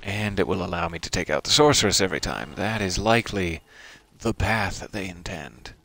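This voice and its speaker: Brief: low-pitched male streamer, musing and wry, soft-spoken let's play commentary. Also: moderate pace, vocal fry, slight background noise. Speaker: game streamer.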